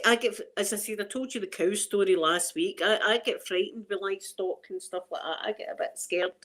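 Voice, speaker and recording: A Scottish woman in her forties, chatting casually on a live stream and telling funny stories about herself. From Scotland. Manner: animated, self-mocking, quotes herself in a high excited voice. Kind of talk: casual live chat storytelling.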